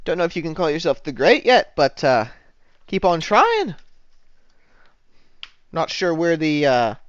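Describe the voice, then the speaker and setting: A fussy, sweet-talking innkeeper woman, as a man puts her on for a tabletop game. Her voice sits high and sugary, and she fusses over her guests with pet names. The sound is dry and a little dull. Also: wildly swooping pitch, unhurried, clear, resonant tone, dry recording. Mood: sweetly dismissive. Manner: cooing, calls everyone dearie and honey. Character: motherly female tavern keeper, sweet and fussy.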